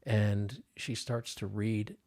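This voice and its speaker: Slow and steady, with a fairly low, darkish voice, an older filmmaker shares casual stories as a podcast guest. His telling rambles, constantly restarting and leaning on fillers.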